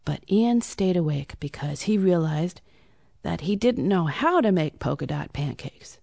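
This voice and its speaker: Animated woman reading a bedtime story. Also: fairly low pitch, unhurried, gravelly, no room sound, clean studio sound. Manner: animated, hushed asides.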